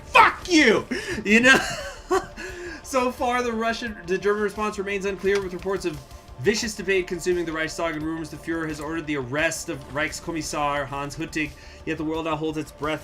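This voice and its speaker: Male game streamer, slightly higher voice, chatty, with loud cursing outbursts, light music behind. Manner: chatty, reads game text aloud, bursts into loud swearing surprise. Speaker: gaming streamer. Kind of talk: live-stream commentary of a strategy game.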